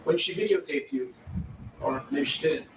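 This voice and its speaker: Man, lawyer, cross-examination, rapid questions, roomy echo, loud hiss. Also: fairly high pitch. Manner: pointed, insistent yes-or-no questions. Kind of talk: courtroom questioning. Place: courtroom. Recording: distant, echoey, noisy courtroom audio.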